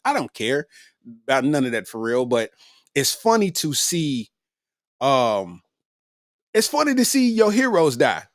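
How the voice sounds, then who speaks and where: A man's voice: mid-range voice, a bit bright, no room sound, clean studio sound. A man hosting a comedy podcast, riffing in a loose, slangy monologue and laughing often.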